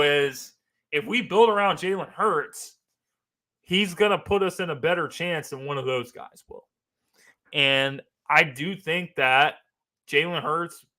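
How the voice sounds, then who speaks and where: Male sports talk host, emphatic fan take, bright forceful tone. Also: fairly high pitch. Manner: animated, emphatic, repeats phrases. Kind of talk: casual opinion commentary.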